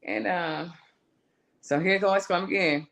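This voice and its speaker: A woman, a singer and songwriter, telling a personal story on a live show in a lively way, acting out voices and calling her listener "girl". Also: on the low side, slow pace, creaky. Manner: animated, acts out her own voice and inner voices, calls the listener "girl".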